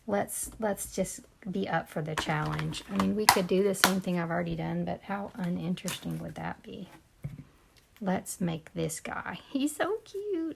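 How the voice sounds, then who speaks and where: A woman leads a relaxed live crafting tutorial, chatting, rambling, and tossing asides to her viewers. Her gravelly voice is medium in pitch, with background noise present.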